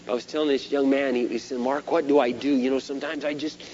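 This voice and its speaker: A middle-aged pastor preaches with lively swings, punching some words loud and dropping others to near a murmur. The recording is a dull, lo-fi sermon tape with a faint hum underneath. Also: male voice, medium pitch, fast talker. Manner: animated preaching, shifts between loud emphasis and quiet asides.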